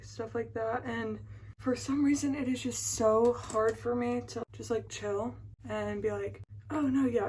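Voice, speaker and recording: A woman's voice: a little high, a little mellow, low-quality recording. A woman in her twenties chatting casually to a phone camera at home, rambling with lots of fillers and emotion. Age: 20s. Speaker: vlogger. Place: at home, indoors.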